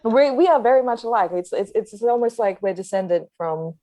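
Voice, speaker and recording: A woman's voice: on the high side, animated, fairly quick, dark tone. An Australian woman guesting on a podcast, chatting casually with dry jokes.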